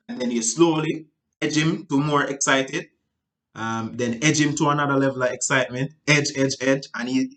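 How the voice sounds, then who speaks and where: A man's voice: mid-range voice, fairly bright tone, rough recording. A man giving a sales training seminar, talking loosely and checking in with "right?" as he goes. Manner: rambling, repeats "right?" and restarts; acts out sales talk in changing tones. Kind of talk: seminar teaching.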